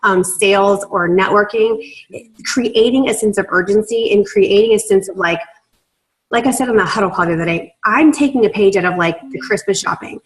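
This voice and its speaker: On a video call, a team leader runs a relaxed sales training session, her medium-pitched voice moving a little fast over a rough recording. She's chatty, laughs easily, and fills her speech with fillers.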